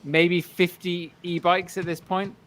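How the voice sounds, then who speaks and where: A man's voice: high voice, little pitch movement, a little slow, fairly bright tone. Blunt, self-mocking man on a podcast. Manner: blunt, self-mocking, acts out quoted people. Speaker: podcast guest. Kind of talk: casual podcast chat.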